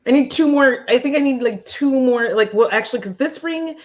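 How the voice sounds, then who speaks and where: A woman's voice: high-pitched, fairly quick, dull audio. A woman in her forties, hosting a casual chat with a friend. She talks bluntly, swears a lot, laughs often and acts out the things she says to herself. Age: 40s. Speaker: vlog host.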